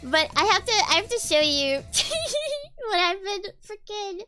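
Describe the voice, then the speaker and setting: Young woman streamer: very high, bright, giggly, rambling casual chat over faint music. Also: measured pace. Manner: giggly, rambling, laughs often.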